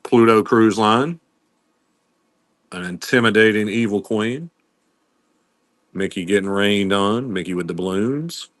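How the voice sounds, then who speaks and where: A man hosts a live online sale, casually welcoming viewers by name and going through items one at a time, coughing now and then. His voice is fairly low and fairly bright, a little slow with long pauses, on a dry recording.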